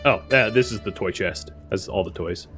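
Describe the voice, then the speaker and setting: A man giving casual let's-play commentary, talking straight to the characters on screen, with excitable outbursts and quiet muttered asides. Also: on the low side, normal speed, over music. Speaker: gameplay commentator.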